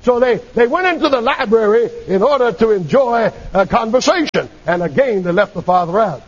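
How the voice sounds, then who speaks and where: A male preacher giving an impassioned sermon, calling on the congregation for amens and breaking into shouts. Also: sits high, animated, normal speed, dull audio. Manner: impassioned, calls for amen, sudden shouts.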